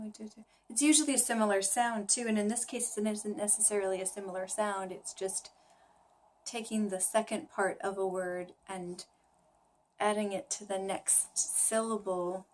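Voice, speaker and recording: A tired woman talking through her language study in a casual vlog, musing and questioning herself as she goes, with frequent pauses and fillers. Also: medium pitch, slight background noise. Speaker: language learner vlogger. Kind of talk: casual thinking-aloud vlog.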